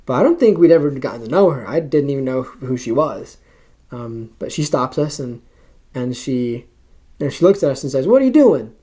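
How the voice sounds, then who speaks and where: A young man, a missionary, telling a story casually and haltingly, with many fillers and restarts. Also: medium pitch, dark tone, breathy edge.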